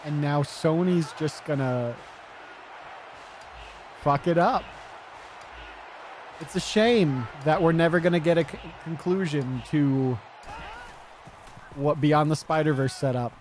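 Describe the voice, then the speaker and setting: Slow-talking streamer man, rambling. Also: fairly high pitch, a little mellow, slight background noise. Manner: rambling, swears, answers chat. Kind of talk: casual livestream chat.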